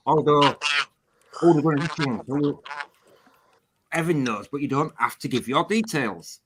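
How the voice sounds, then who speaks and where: A man's voice: fairly high pitch, moderate pace, pauses often, a bit bright, slight background noise, rough recording. A man hosting a live call-in stream, explaining points steadily and speaking directly to callers. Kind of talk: casual chat.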